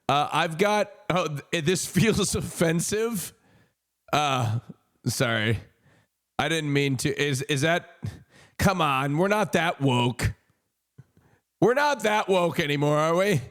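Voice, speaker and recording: A man's voice: fairly high pitch, animated, slow pace, long pauses, fairly bright tone. A man chatting casually to his livestream audience, joking and rambling with lots of fillers. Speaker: streamer. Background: faint music.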